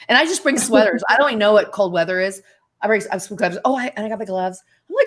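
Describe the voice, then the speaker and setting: A woman's voice: medium pitch, quick pace, fairly bright tone. A woman in her sixties, a guest on a live video-call chat, talking chattily and laughing often. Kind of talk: casual live-chat interview.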